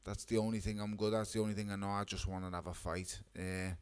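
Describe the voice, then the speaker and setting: A boxer at a press conference who answers with blunt jokes and casual swearing. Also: male voice, fairly low pitch, flat delivery, quick pace, a little mellow, clear, resonant tone.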